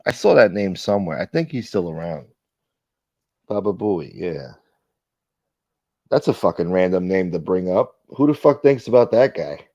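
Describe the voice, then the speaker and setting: A livestream host with a low, darkish voice reads viewer comments aloud and tells profane, rambling stories, acting out friends he quotes. He speaks at normal speed with lively intonation and long pauses. The audio is dull, with no room sound.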